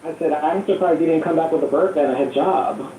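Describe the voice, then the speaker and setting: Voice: medium pitch, fast talker, reverberant, recorded from a distance, noisy background. A sassy speaker teasing others in a casual online group talk. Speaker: participant in group audio chat. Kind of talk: casual group audio chat.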